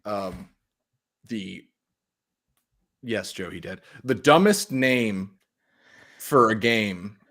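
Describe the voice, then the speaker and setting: A man's voice: lowish voice, expressive, very slow, long pauses, fairly bright tone. A man co-hosting a podcast in casual chat, rambling through stories and laughing mid-sentence. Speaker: podcast co-host.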